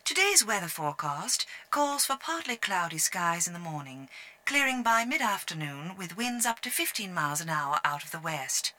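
A woman's voice: on the low side, very animated, moderate pace, sharp tone. A woman reading a weather forecast aloud as a speech sample, evenly and carefully. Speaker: sample reader.

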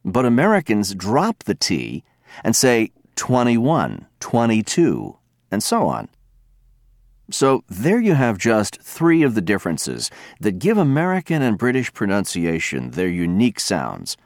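A man giving a scripted lecture, speaking clearly and deliberately, with slow spoken examples. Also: lowish voice, wildly swooping pitch, no room sound, clean studio sound. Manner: clear, deliberate, demonstrates pronunciation.

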